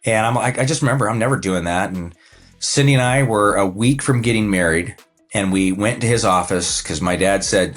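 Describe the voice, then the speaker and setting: A man in his fifties speaks in a low, easy register as a podcast guest. He tells his stories in a relaxed, rambling way and often pauses on "uh" as he restarts a thought. Faint music sits quietly behind him. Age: 50s. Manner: relaxed and anecdotal, with frequent "uh" fillers and restarts. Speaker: podcast guest, financial advisor and coach. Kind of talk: casual conversational storytelling.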